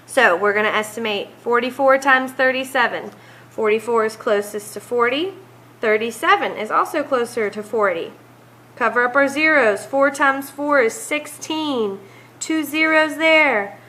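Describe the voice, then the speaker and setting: Slow, bright-voiced woman teacher. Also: sits high, rough recording. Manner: counts aloud step by step. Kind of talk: math homework walkthrough.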